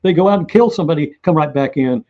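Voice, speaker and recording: A man, an author being interviewed, telling lively stories and acting out what people said. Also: fairly high pitch, fast, lo-fi sound. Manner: animated anecdotal storyteller who acts out quotes. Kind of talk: interview storytelling.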